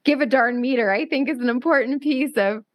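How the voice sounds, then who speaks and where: A woman's voice: high voice, brisk, no room sound. Affirming woman podcast host, dry sound. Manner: warm, affirming, thinks aloud. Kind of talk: casual interview chat.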